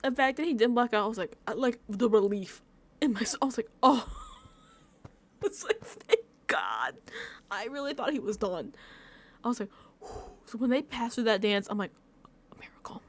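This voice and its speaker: A young woman casually recapping a reality show, talking in rambling, animated bursts with frequent restarts and casual swearing, close to a desk mic at home. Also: fairly high pitch, fast. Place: home room.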